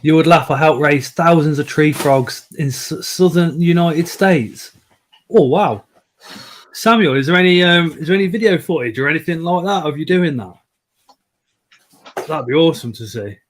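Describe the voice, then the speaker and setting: A man's voice: a little high, moderate pace, slight background noise. Chatty man hosting a stream. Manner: chatty, reads out viewer comments. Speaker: live stream host. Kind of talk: casual chat.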